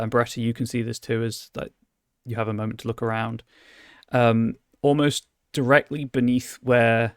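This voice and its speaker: A man's voice: medium pitch, no room sound, studio quality. A man running a tabletop game as game master, describing scenes with many restarts and fillers.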